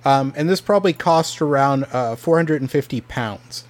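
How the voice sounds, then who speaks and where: A man's voice: medium pitch, normal speed. A man casually telling a history story on a podcast, full of ums, likes and restarts. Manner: rambling, many fillers and restarts. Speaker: podcast co-host presenting history.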